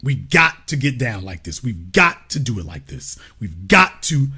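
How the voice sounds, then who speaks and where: A man's voice: mid-range voice, sing-song, a little slow, pushed and bright, husky, faint music behind. A man from the United States talking passionately to an audience, emphatic and preacher-like, repeating lines for effect and firing off rhetorical questions. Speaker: commentator in a cultural discussion. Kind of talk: impassioned talk to an audience.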